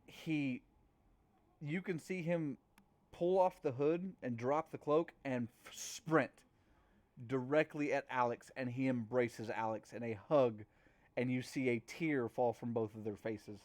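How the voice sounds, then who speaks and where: Halting man narrating as game master. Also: medium pitch, darkish tone. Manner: halting, with many fillers and restarts.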